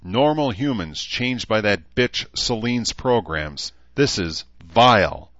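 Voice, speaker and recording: A man's voice: lowish voice, animated, slow pace, fairly bright tone, dry recording, highs cut off, pitched above the performer's own voice. A man doing a grim, growling baron commander. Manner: tight, clipped, grim. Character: stern older male baron commander, growling.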